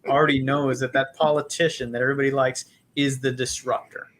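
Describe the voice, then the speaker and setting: A man's voice: mid-range voice, flat delivery, fairly quick, fairly bright tone. Profane, joking man co-hosting a podcast. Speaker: podcast co-host. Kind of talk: casual chat.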